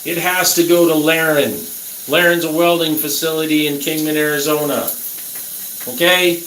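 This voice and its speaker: A man's voice: a little high, fairly even intonation, normal speed, fairly bright tone. A middle-aged man ranting crudely and angrily at his viewers in a casual talk. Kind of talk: casual rant. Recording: roomy echo, faint background noise.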